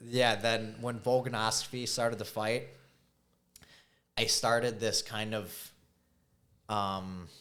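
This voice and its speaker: A man's voice: lowish voice, slow pace, long pauses. A man in his twenties chatting casually as a podcast co-host, telling stories with lots of laughter. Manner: laughing, animated storyteller. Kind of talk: casual chat.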